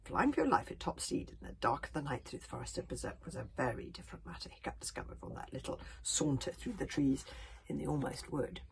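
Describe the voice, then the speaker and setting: A woman reading a storybook aloud in a hushed whisper, breaking into chatty asides. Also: a bass voice, quick pace, creaky, a little hiss or hum. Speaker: narrator.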